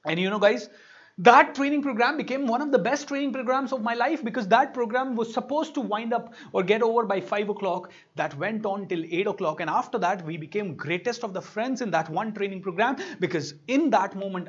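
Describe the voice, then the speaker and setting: High-voiced Indian motivational coach. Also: male voice, brisk, slightly rough. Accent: Indian English. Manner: emphatic storytelling, dramatic swings in volume. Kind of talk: motivational workshop talk. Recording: dull lo-fi recording.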